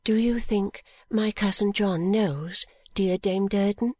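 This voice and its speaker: A woman voicing a shy, tender young woman in love, speaking softly and bashfully, sometimes in a whisper. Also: medium pitch, takes it slowly, dry recording, studio quality. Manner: soft and bashful, often whispery.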